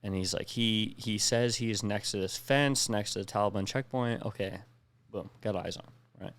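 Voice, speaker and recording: A man's voice: fairly low pitch, steady tone, normal speed, a bit bright. A young man on a podcast telling a war story in casual, profane speech, acting out the dialogue. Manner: profane, recounts with quoted dialogue. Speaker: podcast co-host, veteran.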